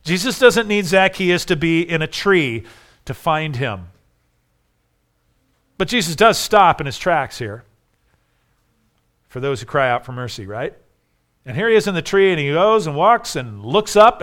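Man preaching a sermon, emphatic, soft-to-loud swings, smooth clear voice, slightly high. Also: lively intonation, unhurried.

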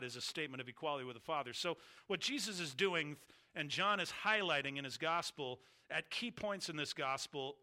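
Bright-voiced male preacher, emphatic. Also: fairly high pitch. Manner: emphatic, deliberate preaching with slowed stressed phrases. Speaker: pastor. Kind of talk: sermon.

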